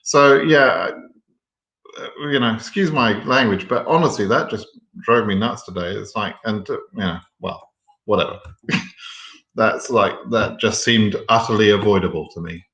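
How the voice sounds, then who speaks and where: A man with a fairly low voice hosts a live question and answer session, reading out viewer questions and answering them bluntly. He talks frankly and fills his sentences with ums and restarts. The sound is roomy, with a noticeable echo. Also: unhurried, fairly bright tone. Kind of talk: live Q&A stream.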